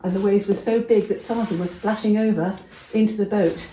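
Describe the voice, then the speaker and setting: A woman's voice: medium pitch, steady tone, brisk, dark tone, echoey room, a little hiss or hum, poor audio. An older woman telling a Bible story to young children, chatty and interactive, asking them questions as she goes.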